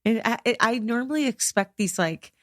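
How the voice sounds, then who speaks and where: A woman's voice: on the high side, animated, normal speed, fairly bright tone, no echo. A woman co-hosting a true-crime podcast in casual chat, with dry, short reactive replies. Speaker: podcast co-host.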